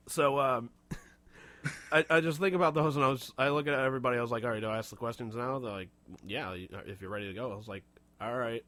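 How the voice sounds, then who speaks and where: A man's voice: medium pitch, moderate pace, pauses often, a bit bright, no room sound. A young man co-hosting a podcast, telling a story in casual, profane chat and laughing often. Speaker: podcast co-host.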